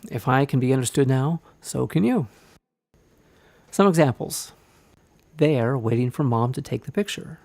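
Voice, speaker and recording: A man from Indiana narrating a scripted writing lesson, explaining clearly and deliberately with examples. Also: medium pitch, darkish tone, dry recording. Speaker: writing instructor.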